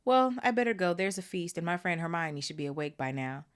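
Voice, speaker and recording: A woman's voice: fairly low pitch, expressive, a little fast, lightly acted. A woman voicing a cheerful teenage boy wizard in a storybook read-aloud, easygoing and polite.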